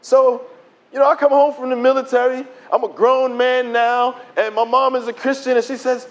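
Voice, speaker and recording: A middle-aged man giving his testimony as a preacher, telling the story in an animated way and acting out the dialogue. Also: very high-pitched, moderate pace. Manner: animated storytelling, acts out dialogue in quoted voices. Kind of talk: preached testimony to a conference audience.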